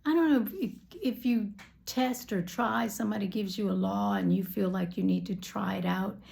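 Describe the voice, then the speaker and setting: A woman's voice: medium pitch, moderate pace, gravelly, darkish tone. A woman preaching a personal testimony, telling a story and dropping to whispers at emotional moments.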